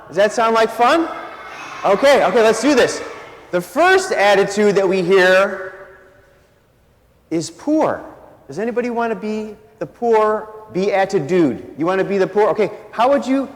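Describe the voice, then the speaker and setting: High-voiced deacon in an echoing church. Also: male voice. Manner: playful, quizzing the congregation. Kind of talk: interactive homily with young volunteers. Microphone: handheld microphone. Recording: echoey church with long reverb.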